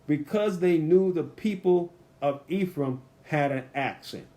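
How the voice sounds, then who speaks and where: A man with a somewhat high voice teaches a Bible study in an easy, conversational way. He drops into quick character voices for the people he quotes, then slows right down and reads scripture with deliberate weight. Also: mellow.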